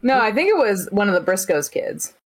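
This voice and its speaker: A woman's voice: mid-range voice, very animated, fairly quick. A woman co-hosting a podcast, chatting casually with wry, sarcastic asides. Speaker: podcast co-host. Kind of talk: casual chat.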